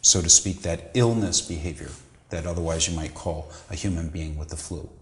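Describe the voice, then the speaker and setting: A middle-aged man, a psychiatrist, giving measured, lecturing answers in an interview. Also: low voice, steady tone, reverberant. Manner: measured, lecturing, with occasional restarts. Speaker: psychiatrist guest.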